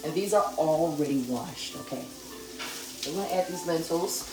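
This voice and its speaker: A woman hosting a live cooking demonstration, calm and chatty as she talks straight to her viewers. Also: deep voice, normal speed. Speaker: cooking show host. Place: home kitchen. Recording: echoey kitchen with sizzling pan noise. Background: frying and sizzling from the pan.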